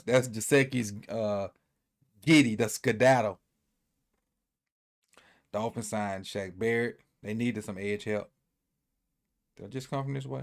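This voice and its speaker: Easygoing man rambling through a sports recap. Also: lowish voice. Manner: loose, rambling, repeats himself, thinks aloud. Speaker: sports commentator.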